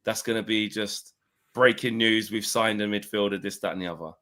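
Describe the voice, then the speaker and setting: Chill guy on a football show, kinda low voice, easygoing chat. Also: steady tone, fairly quick, pushed and bright. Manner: laid-back, slangy and conversational. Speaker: co-host.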